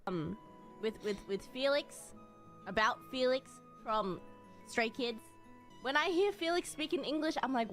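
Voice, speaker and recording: A woman's voice: a little high, animated, normal speed, a bit bright, faint music behind. A woman chatting casually on a game stream in a playful, teasing way. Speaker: stream co-host. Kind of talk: casual chat.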